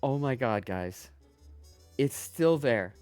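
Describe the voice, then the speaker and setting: A man's voice: medium pitch, lively intonation, takes it slowly, a little mellow, smooth, soft background music. A middle-aged man chatting casually with viewers on a gaming livestream, telling rambling, profane stories with many restarts.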